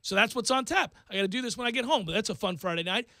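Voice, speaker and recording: A man with a very high, bright, forceful voice hosts a talk radio show and spins an animated, self-mocking story. His voice sits dry and close to a studio microphone. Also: racing, no room sound.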